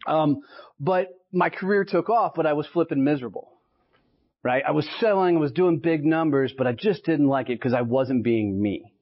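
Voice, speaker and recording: A man's voice: fairly high pitch, normal speed. A man in his late thirties with a Texan accent, giving a motivational sales talk to a live audience in punchy stories and often asking "right?". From Texas. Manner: punchy storytelling, keeps checking in with "right?". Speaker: sales speaker. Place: association meeting in front of an audience. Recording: dull lo-fi live speech recording.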